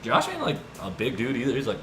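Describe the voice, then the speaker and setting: This young podcast co-host, somewhere in his twenties, has a medium-pitched voice and a quick delivery. Chatting casually, he retells stories with animation, wandering off track and dropping "like" and "dude" constantly. Background noise and echo fill the room.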